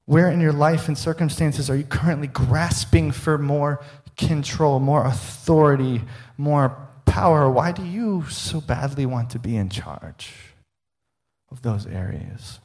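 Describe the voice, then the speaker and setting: A man's voice: on the high side, unhurried, a little mellow. A man preaching a sermon in a conversational, humorous way, often asking his listeners questions. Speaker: pastor.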